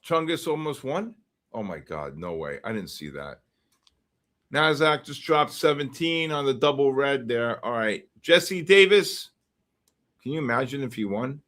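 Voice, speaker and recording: A man hosting a live stream, calling out giveaway numbers and names in a casual, drawn-out way with quick asides. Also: medium pitch, lively intonation, fairly bright tone. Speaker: livestream host calling giveaway winners.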